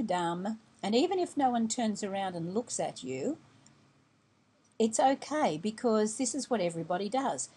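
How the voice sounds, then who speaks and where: A woman's voice: mid-range voice, warm tone, husky. A woman hosting a travel website, explaining travel tips patiently and step by step in an instructional voice-over. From Australia.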